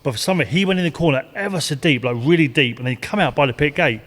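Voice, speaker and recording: A man's voice: on the high side, very fast, a bit bright. Older man, retired racer, rambling anecdotes with laughs; long reverb. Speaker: retired stock car driver. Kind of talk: casual storytelling interview.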